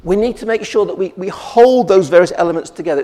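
Preacher in a reverberant hall. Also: male voice, sits high, very animated, fast talker, dark tone. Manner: conversational, with frequent restarts and rhetorical questions. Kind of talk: sermon. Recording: long reverb of a church hall.

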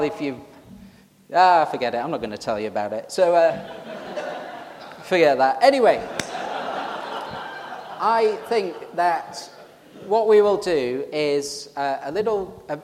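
Chatty Yorkshire preacher in a reverberant church. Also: male voice, fairly high pitch, darkish tone. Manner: chatty, joking, self-deprecating. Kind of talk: informal sermon with congregation interaction. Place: church service.

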